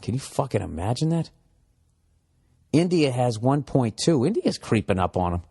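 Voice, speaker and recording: A man in his forties rambles through a solo comedy podcast recorded at home. He swears freely, goes off on tangents and keeps jumping into mocking shouted voices, all at an ordinary middle pitch. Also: moderate pace, pauses often, husky. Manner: profane, animated, shifts into mocking shouted voices. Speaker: podcast host. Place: home room with window.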